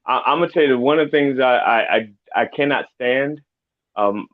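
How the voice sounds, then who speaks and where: A man's voice: mid-range voice, normal speed. Stammering man telling a story, dull sound. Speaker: podcast co-host. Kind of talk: casual storytelling chat.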